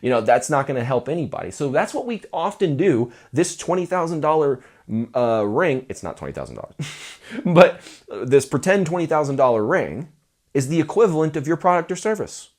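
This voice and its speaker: A man coaching musicians in a casual talking-head video, his pitch swooping widely as he talks. He is playful and animated and acts out mock sales pitches in a put-on voice. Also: brisk.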